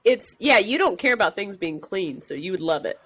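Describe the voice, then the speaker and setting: Co-host: woman, lively pitch, teasing, faint hiss behind. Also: moderate pace. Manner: playful, teasing. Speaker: podcast co-host. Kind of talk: casual chat over video call.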